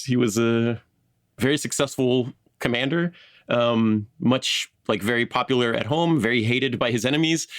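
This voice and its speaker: A man's voice: medium pitch, dry recording, studio quality. A man co-hosting a casual history podcast, telling the story with chatty asides, fillers and laughs. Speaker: podcast co-host.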